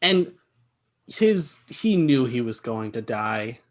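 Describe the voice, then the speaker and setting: A young man co-hosting a podcast, calmly recapping film scenes in a matter-of-fact way. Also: medium pitch, slow pace. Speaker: podcast co-host. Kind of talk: casual film review chat.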